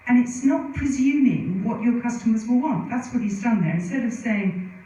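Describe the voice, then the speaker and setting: Woman speaker, middle-aged, mellow voice, chatty anecdotes, distant echoey hall sound. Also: a little high, normal speed, lo-fi sound. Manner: chatty storytelling with many asides and fillers. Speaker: conference speaker. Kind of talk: conference presentation with anecdotes. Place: conference venue.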